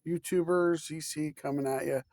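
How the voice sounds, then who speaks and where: A man vlogging outdoors in deep snow on a phone camera, cold and out of breath, talking to his viewers as folks in a folksy way. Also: fairly even intonation, moderate pace, darkish tone, no echo. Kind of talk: casual outdoor vlog.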